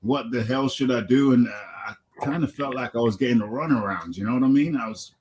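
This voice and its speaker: Ranting podcast host, repeats himself. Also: male voice, mid-range voice, fairly quick, a crowd in the background. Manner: animated ranting, repeats phrases. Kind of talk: casual podcast chat.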